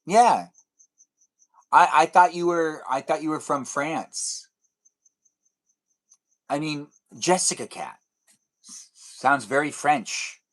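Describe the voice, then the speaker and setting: A man's voice: fairly high pitch, slow, long pauses. A young man live streaming, chatting casually and teasing viewers as he reads their comments. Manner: playful, teasing, rambling.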